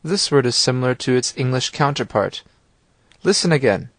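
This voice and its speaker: A man reads a language lesson in a calm, clear voice, guiding the listener step by step. His pitch sits in the middle range, and the recording is dry and close, with no room sound. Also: moderate pace, no room sound. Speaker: language course narrator. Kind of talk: scripted instructional narration.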